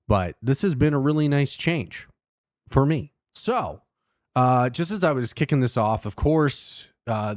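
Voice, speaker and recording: A man talking straight into a close mic in a dry room, his voice at an ordinary middle pitch. He rants, jokes and swears with biting sarcasm, as a host talking alone to his listeners. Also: a little mellow, dry recording. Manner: ranting, sarcastic, profane. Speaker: podcast host. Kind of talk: casual monologue.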